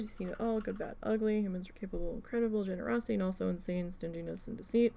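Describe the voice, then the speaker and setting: A woman hosting a craft livestream, casually telling a story with animated swearing while she works. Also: medium pitch, very fast, gravelly, hardly any pauses, slight background noise. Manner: animated, profane, acts out quoted people.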